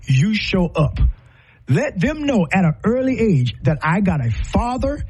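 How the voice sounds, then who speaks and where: A man's voice: high-pitched, very animated, a little slow, darkish tone, breathy edge, poor audio. A man giving an impassioned, preaching-style talk full of rhetorical questions, his voice rising and falling sharply. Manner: passionate, rhetorical questions, rises and falls sharply. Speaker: speaker on parenting.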